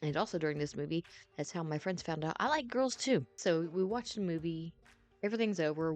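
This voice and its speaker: A woman in her thirties telling a personal story in a casual, rambling way, with lots of fillers, restarts and swearing. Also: low-pitched. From North Carolina. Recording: faint music behind.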